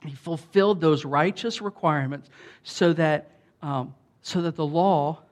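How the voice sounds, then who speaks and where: Animated preacher, higher-pitched man. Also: a little slow. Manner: animated, emphatic, conversational with asides. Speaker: pastor. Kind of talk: sermon.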